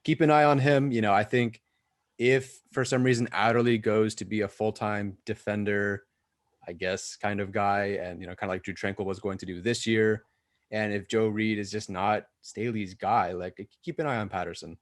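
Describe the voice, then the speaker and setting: A man co-hosting a sports podcast, talking in an animated, enthusiastic way. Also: lowish voice, moderate pace, dry recording, studio quality. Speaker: podcast co-host. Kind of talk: casual sports podcast chat.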